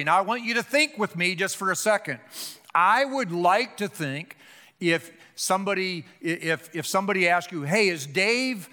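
An older man preaching a sermon, impassioned, swinging between loud emphatic calls and hushed low appeals. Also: animated, normal speed. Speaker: pastor. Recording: long hall reverb.

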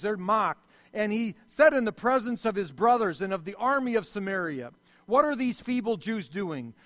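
A man, a pastor, preaching a sermon, his loudness swelling and dropping sharply as he speaks. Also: high-pitched. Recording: long hall reverb.

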